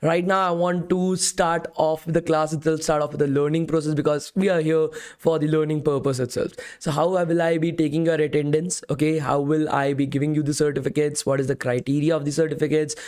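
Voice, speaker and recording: His voice is a little high and slightly mellow, with little pitch movement, a somewhat fast pace, and few pauses. A young Indian man with an Indian English accent, he teaches a live coding bootcamp with a voice strained by a long day, chatting freely, reading chat questions aloud, and repeating "okay" and "guys."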